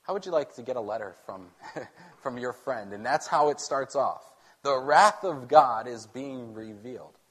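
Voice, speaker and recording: A man's voice: medium pitch, moderate pace, husky. A man, a pastor, preaching a sermon, asking rhetorical questions and often restarting phrases. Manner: rhetorical questions, animated delivery with frequent restarts.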